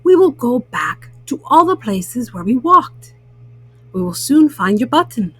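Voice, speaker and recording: Kind helpful frog from a kids storybook, reassuring, high lively voice, a lady doing him. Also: measured pace, husky, no room sound, faint music behind, heavily acted, rough recording. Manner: reassuring, eager.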